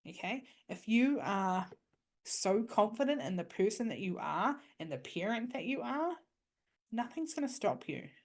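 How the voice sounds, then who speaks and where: A woman's voice: medium pitch, sing-song, a little slow. A woman, hosting a podcast and giving casual, coaching advice, often checking in with "okay?". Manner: chatty, coaching, frequent "okay?". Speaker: podcast host.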